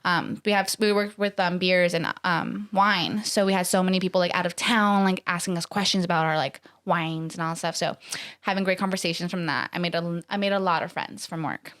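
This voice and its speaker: A woman's voice: fairly low pitch, steady tone, fairly quick, a bit bright. A young woman co-hosting a casual podcast chat, who swears freely and teases in a blunt way. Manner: blunt, profane, teasing. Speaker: co-host.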